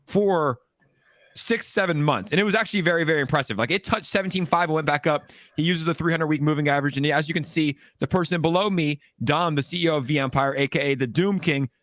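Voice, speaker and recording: Upbeat male stream host, rapid and dry-sounding, likes to needle his guests. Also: on the high side, a bit bright, no echo. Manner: upbeat, quick, teasing. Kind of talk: casual crypto livestream chat.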